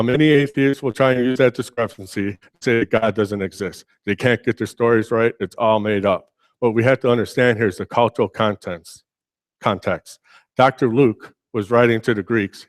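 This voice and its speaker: A man preaching a sermon as pastor, telling Bible stories in a lively, casual way and acting out the characters' lines. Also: fairly low pitch, no echo, studio quality. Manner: animated storytelling, acting out biblical figures in casual speech. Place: church.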